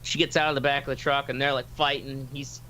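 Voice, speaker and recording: A man's voice: mid-range voice, flat delivery, quick pace, bright, forceful tone, a little hiss or hum. A man telling a story casually and animatedly, acting out the voices of people in it and swearing freely. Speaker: podcast host telling a story.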